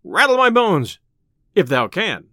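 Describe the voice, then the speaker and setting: Male narrator voicing a jaunty, boisterous outlaw, lively and dry. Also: sits high, normal speed, no room sound. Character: merry bold male outlaw, laughing and sly.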